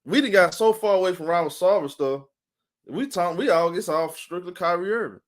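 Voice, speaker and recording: A man talks through his live sports stream in a loose, rambling way, repeating words and calling out viewers by name. His voice sits a little high for a man, and he sounds worn out. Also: a little fast. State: tired.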